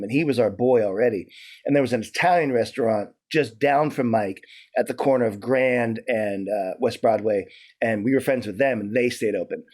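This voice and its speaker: A man being interviewed, telling stories in a loose, profane, animated way, with lots of restarts and "like". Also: medium pitch. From New York. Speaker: interview guest. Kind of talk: casual storytelling.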